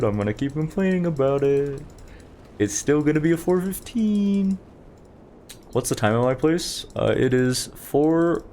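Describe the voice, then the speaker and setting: A young man streams a game and rambles chattily to his viewers as he plays, offering casual gameplay commentary. His mid-range voice has vocal fry and a warm tone, with slight background noise.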